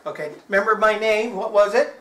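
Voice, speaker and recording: A Texan magician delivers chatty, joking stage patter, often quizzing his audience. His voice is high and brisk, with a crowd audible and the roomy sound of a live hall.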